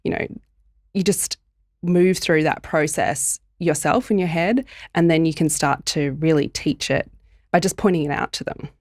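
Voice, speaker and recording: A woman's voice: deep voice, normal speed, darkish tone, no room sound, clean studio sound. A woman co-hosting a podcast who explains ideas step by step and laughs often. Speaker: podcast co-host, body image expert. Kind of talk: casual podcast chat.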